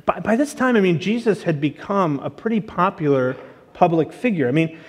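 A man's voice: high voice, expressive, normal speed. A man giving a casual, chatty sermon as a guest teacher, full of asides and fillers. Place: church auditorium. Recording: long church reverb.

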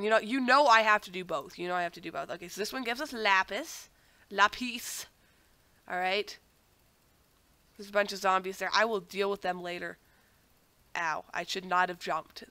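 A young woman who has a cold talks over her gameplay in a loose, rambling way, often mocking herself and wandering off on tangents. Her voice is bright and clean, and it is recorded dry and close with no room sound. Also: mid-range voice, smooth, no echo. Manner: rambling, self-mocking, easily sidetracked. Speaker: gaming channel host. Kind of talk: casual gameplay commentary.

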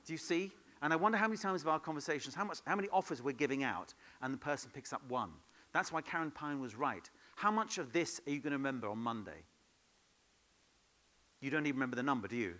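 A man leading an improv workshop at a conference, in a lively, playful way, throwing questions to the audience. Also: medium pitch. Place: conference hall.

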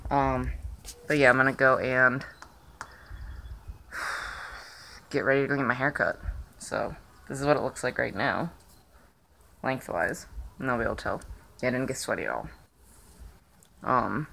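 Woman vlogging on her phone outside, bright tone, rambly with lots of ums. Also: extremely low pitch, creaky, a little hiss or hum. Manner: rambling, chatty, many filler pauses. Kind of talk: casual vlog chat. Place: outdoors in the sun.

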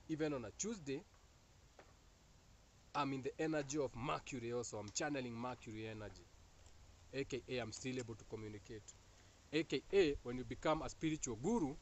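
A man's voice: mid-range voice, a little hiss or hum, poor audio. A man with a Kenyan accent giving a casual spiritual monologue, joking and laughing often between teasing and preachy asides. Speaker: spiritual talk host.

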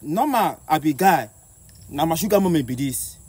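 High, exasperated young Nigerian man. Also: lively intonation, moderate pace, darkish tone, slight background noise. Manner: defensive, exasperated. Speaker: interviewee. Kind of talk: comic street-interview skit.

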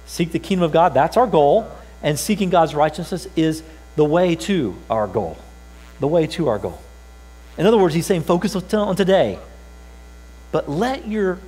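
Pastor guy giving a sermon, lively up and down delivery, says the big lines twice. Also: a little high, poor audio. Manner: emphatic, repeats key phrases. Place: church.

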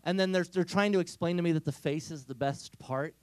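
A man giving an energetic, humorous inspirational talk to teenagers, telling stories. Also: on the high side, brisk, clean tone, no echo. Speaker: speaker.

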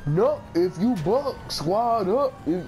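A man's voice: high voice, big pitch swings, slow, darkish tone, a little hiss or hum. A man hosting a casual gaming session with friends, joking around and laughing a lot. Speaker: gaming channel host.

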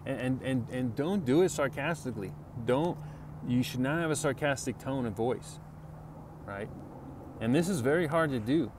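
A man's voice: mid-range voice, expressive, normal speed, noisy background. A man giving an earnest, conversational Bible lesson to camera, repeating himself and checking in with "right?" and "you know?". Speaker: Bible teacher. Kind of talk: casual video sermon.

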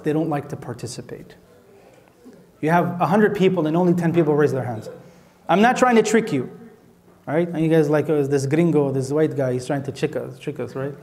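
High-voiced American sheikh lecturing. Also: male voice. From Minnesota, USA. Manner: asks the audience rhetorical questions, animated and joking. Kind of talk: conversational Islamic lecture.

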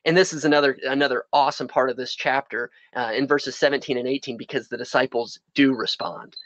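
A man's voice: mid-range voice, steady tone, fairly quick, a bit bright, dry recording. Earnest man preaching outdoors, dull lo-fi sound. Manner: earnest, repeats phrases for emphasis. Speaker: pastor. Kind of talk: sermon. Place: outdoors in the sun.

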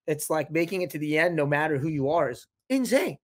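A young man chatting casually as a podcast guest, telling lively stories and acting out quotes from others. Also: fairly high pitch, fairly quick. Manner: animated storyteller, quotes others in lively voices. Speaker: podcast guest, reality show contestant. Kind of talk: casual chat.

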